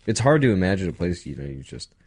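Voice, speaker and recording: A man's voice: sits low, sing-song, fast talker, darkish tone, slightly rough. A man co-hosting a podcast, chatting casually in a rambling, jokey way. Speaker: podcast co-host. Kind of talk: casual chat.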